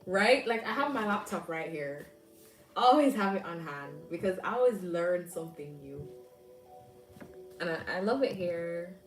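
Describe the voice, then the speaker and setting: Reading out comments and laughing a lot, a woman from Jamaica runs a relaxed livestream chat from her home in England, musing aloud with fillers as she goes. Her voice is on the low side, animated and unhurried. The phone or tablet mic is distant, so the audio sounds roomy and off-mic, and loud music plays in the background.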